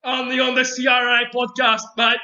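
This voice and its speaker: A young man hosting a chaotic comedic podcast, talking loudly and playfully and calling everyone mate, on a poor microphone. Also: very high-pitched, monotone, moderate pace. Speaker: podcast host. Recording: dull lo-fi microphone.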